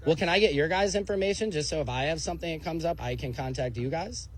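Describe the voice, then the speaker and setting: Brief: polite man with a raised pitch, casual talk, faint noise behind. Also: fast. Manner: polite, asks questions. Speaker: TikToker recording the encounter. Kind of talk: casual conversation.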